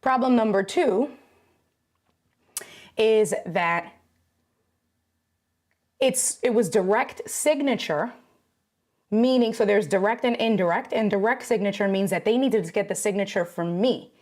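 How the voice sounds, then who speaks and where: A woman's voice: mid-range voice, measured pace, pauses often, a little mellow. A woman live streaming, chatting casually to her viewers and reading their comments. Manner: chatty, talks straight to viewers and reads chat. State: out of breath.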